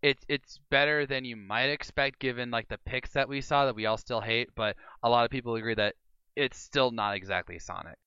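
A man hosting a casual gaming podcast, excitable and jokey with quick outbursts. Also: mid-range voice, smooth, no room sound, lo-fi sound. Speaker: podcast host.

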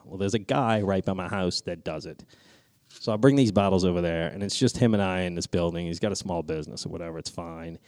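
A man telling a story on a podcast, animated and swearing a lot, his voice jumping high when he gets excited. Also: dry recording, studio quality. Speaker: podcast co-host. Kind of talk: casual chat, storytelling.

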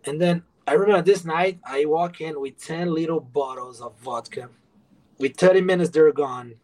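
A man who moved to the USA from abroad tells his story as a podcast guest, frank and profane, acting out old conversations. His voice is on the high side and a little mellow, at a normal speed, over a rough recording.

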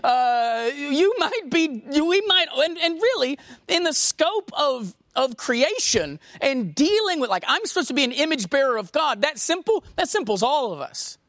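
A woman preaching a sermon, emphatic and swinging from raised to hushed, asking the congregation questions. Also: high-pitched, big pitch swings, measured pace, no echo, clean studio sound.

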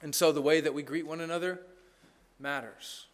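High-voiced pastor preaching conversationally. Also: male voice, fairly even intonation, normal speed. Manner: conversational, sarcastic humor, asks "right?" often. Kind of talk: sermon.

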